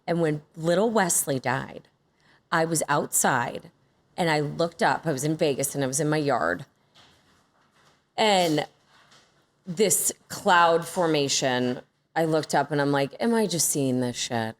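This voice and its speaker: A woman's voice: deep voice, unhurried, pauses often. A woman hosting a podcast, chatting casually and expressively while trading stories with her guest. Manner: chatty, expressive, reacts readily. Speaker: podcast host. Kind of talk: casual chat.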